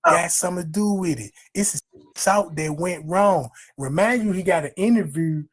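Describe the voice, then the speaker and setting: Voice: mid-range voice, normal speed, breathy edge. An online commentator in a played video, talking loosely and rambling with heavy slang and frequent "you know what I'm saying".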